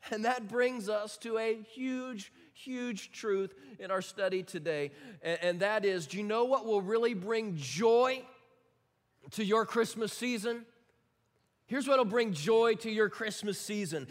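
A man with a high voice preaches a sermon in a church sanctuary. He talks in an animated, emphatic way, swings from shouts to near-hushed lines, and stumbles into repeated words. His voice trails off into a long hall echo. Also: unhurried. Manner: repeats words and restarts often. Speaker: pastor.

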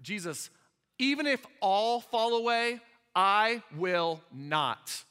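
Male preacher voicing a brash, headstrong disciple, loud and bright, in a long reverberant hall. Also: high voice, animated, takes it slowly, clean tone, pitched above the performer's own voice, full character voice. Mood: insistent. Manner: emphatic, raising his voice. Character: bold, boastful male disciple, hot-headed.

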